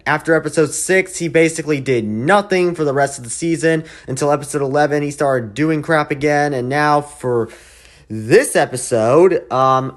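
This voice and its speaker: A man hosting his own channel, giving an exasperated, swearing rant that swings between quiet grumbling and loud outbursts. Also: a little high. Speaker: channel host reviewing a cartoon episode. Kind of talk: ranting commentary.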